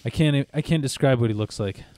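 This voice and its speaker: A man's voice: medium pitch, fairly quick, a little mellow, clean tone, no echo. A man hosting a podcast, telling stories in a rambling, swearing, laughing way. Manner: rambling storyteller, swears a lot, laughs often. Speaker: podcast host. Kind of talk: casual chat.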